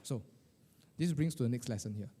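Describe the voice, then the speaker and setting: A middle-aged man, coaching a live group of financial advisors in a lively, colloquial way, firing questions at the room. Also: medium pitch, a little fast, a little hiss or hum. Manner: animated, questioning the audience, colloquial with "lah" and "eh". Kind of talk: motivational workshop talk to a live group.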